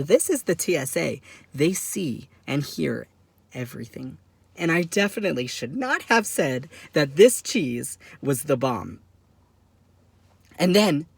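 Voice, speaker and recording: A young man performing a stand-up story, acting out other people's voices and swinging from hushed to loud. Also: fairly high pitch, lively intonation, moderate pace, gravelly, no echo. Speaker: stand-up comedian.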